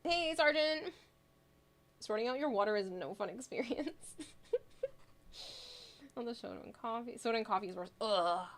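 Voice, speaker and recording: A woman's voice: mid-range voice, fairly bright tone. A woman streamer chatting casually with viewers, telling funny family stories with frequent laughter and reading comments aloud. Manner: giggly storytelling, reading chat aloud.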